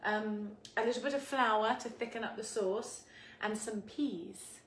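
A woman's voice: mid-range voice, measured pace. A woman, chatting casually and laughing as she hosts a live cooking stream from her home kitchen and greets viewers by name. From England. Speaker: cooking show host. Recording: echoey kitchen with faint background noise.

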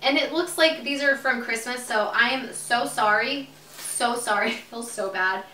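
A young woman gushes and giggles her way through a casual unboxing vlog. Her voice is bright and sits a little high. She is recorded off-mic in an echoey room with a faint hiss behind her. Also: normal speed, distant mic. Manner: gushing, giggly, chatty. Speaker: vlogger.

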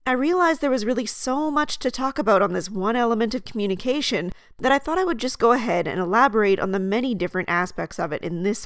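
Woman host, mid-pitched, steady and articulate, reads her script dry and close to the mic. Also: vocal fry, no echo. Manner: measured, articulate delivery. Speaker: video essay host. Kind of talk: scripted commentary.

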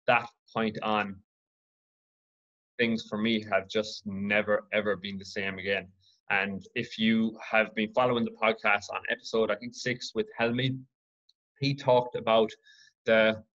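A man from Ireland hosting his own podcast, telling a personal story in an earnest, reflective, halting way. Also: on the low side, fairly bright tone, muffled recording. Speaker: podcast host.

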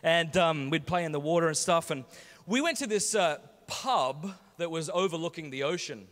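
A man with an Australian accent giving a talk, telling humorous stories in an animated, jokey way with Australian slang. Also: fairly high pitch, normal speed. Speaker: conference speaker. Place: large conference hall. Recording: echoey large hall.

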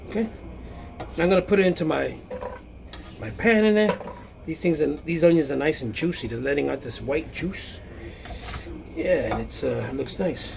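A man's voice: on the high side, vocal fry, background noise. A man hosting a home cooking video, chatting casually and thinking aloud as he works in his kitchen. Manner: chatty, thinks aloud, frequent okays and restarts.

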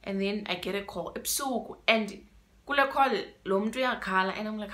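A woman's voice: medium pitch, normal speed, pauses often, fairly bright tone. Dramatic South African woman telling a story. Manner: emotional and dramatic, switching between English and isiXhosa; repeats words for emphasis. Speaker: vlogger. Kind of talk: story time vlog.

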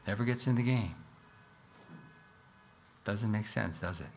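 A man's voice: lowish voice, unhurried, gravelly, darkish tone. A man preaching a sermon in church as pastor, earnest, with rhetorical questions and a rising, emphatic reading of scripture. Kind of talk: expository sermon.

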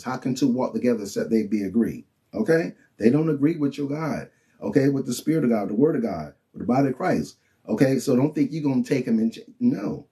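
A man preaching and teaching from the Bible in an informal, colloquial way, often checking in with his listeners. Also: medium pitch. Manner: animated and colloquial, with frequent "you know what I'm saying" and "okay?".

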